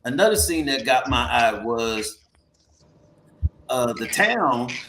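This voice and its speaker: A man's voice: medium pitch, big pitch swings, slow, fairly bright tone, echoey room. A man on a video call giving a laid-back, slangy take in a casual movie chat.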